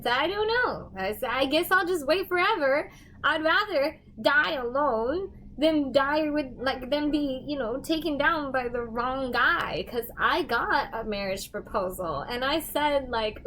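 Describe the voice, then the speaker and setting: A woman's voice: high voice, fairly bright tone. A young woman, a medium, chatting goofily on a livestream and laughing often between rambling asides. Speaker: medium giving livestream readings. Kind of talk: casual livestream chat.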